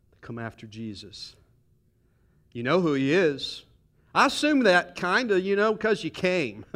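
A middle-aged man, a pastor, preaching a sermon in a church with lively, conversational delivery, joking and asking the congregation questions. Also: mid-range voice. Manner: animated, conversational preaching with humor and rhetorical questions. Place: church sanctuary.

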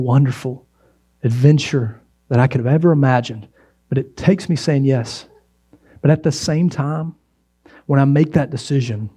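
A man preaching a sermon as pastor, conversational and animated, slipping into mocking voices when he quotes others. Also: a little high.

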